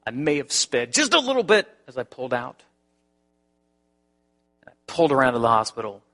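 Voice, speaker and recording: A male pastor delivering a sermon, telling a personal story in an animated way, with frequent restarts. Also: medium pitch, moderate pace.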